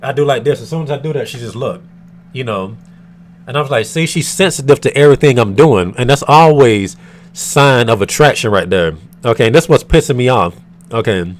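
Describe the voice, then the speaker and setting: A man's voice: mid-range voice, lively intonation, a little fast. Man, from the United States, vlogger, irritated storytime rant, profane, rambling, lots of fillers.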